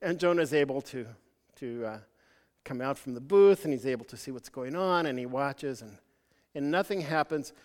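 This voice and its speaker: Halting preacher in a reverberant hall. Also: male voice, mid-range voice, animated, a little mellow. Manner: halting, many restarts, storytelling. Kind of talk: sermon.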